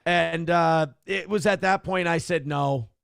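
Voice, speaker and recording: Gravelly-voiced man talking candidly. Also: on the high side, measured pace, fairly bright tone, dry recording, clean studio sound. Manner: candid, rambling with restarts and acted quotes. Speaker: podcast host reading chat comments. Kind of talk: casual livestream chat.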